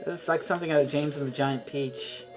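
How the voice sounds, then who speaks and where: A woman's voice: sits low, fairly even intonation, fast talker, over music. A woman streaming a video game, rambling and swearing freely as she chats. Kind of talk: casual chat while playing a video game.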